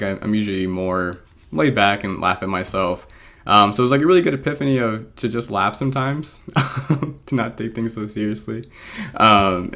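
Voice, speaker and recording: A man's voice: on the low side, a bit bright. A man chatting casually while he plays a competitive game, rambling with lots of ums and laughing at himself. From born in England, raised American. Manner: rambling, frequent ums, self-deprecating laughs. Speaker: draft league coach and video creator. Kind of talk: casual gameplay commentary.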